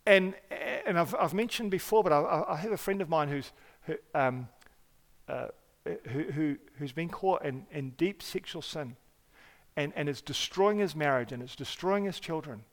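A man preaching a sermon as pastor, earnest and emphatic, often restarting words and swinging between loud stresses and quiet asides. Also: a little high, normal speed. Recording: hall reverb.

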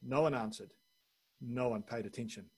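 A man's voice: medium pitch, moderate pace, a little mellow, husky. A man preaching a sermon, reading a long scripture passage aloud and lifting his voice for the quoted speech.

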